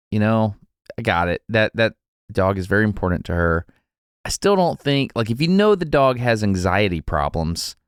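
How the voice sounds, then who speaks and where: Man, low voice, lively pitch, smooth tone, dry close sound, casual storytelling. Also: no echo. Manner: animated, acts out quotes with laughs. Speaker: podcast co-host.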